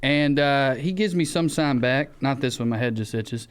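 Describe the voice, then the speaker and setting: A man with a Southern US accent, co-hosting a podcast, who tells a story in casual chat, acting out the shouted lines and swearing freely. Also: mid-range voice, normal speed, clear, resonant tone. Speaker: podcast co-host.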